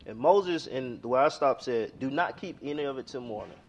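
A man's voice: medium pitch, lively intonation, moderate pace, muffled recording. A man preaching a sermon in a conversational way, telling a story and reading scripture aloud.

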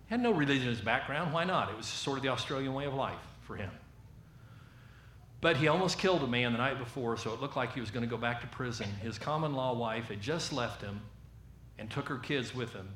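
Southern guy preaching, tells it like a story and acts out voices, echoey room w a bit of hiss. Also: mid-range voice. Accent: Southern American. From American South. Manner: animated storyteller acting out quoted voices. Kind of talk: storytelling sermon.

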